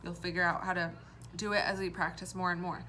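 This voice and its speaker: Bright-voiced woman teaching phonics. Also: fairly low pitch, level tone, a little hiss or hum. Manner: slow, exaggerated sounding-out of words and letter sounds. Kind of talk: recorded phonics lesson for young children.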